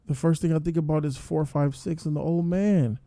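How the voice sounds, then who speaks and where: A man tells the story of a show in a casual, slangy review, with plenty of energy in his delivery. His voice is gravelly and dark, a little higher than most men's, and it sits in a dry, close recording. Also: brisk, dry recording.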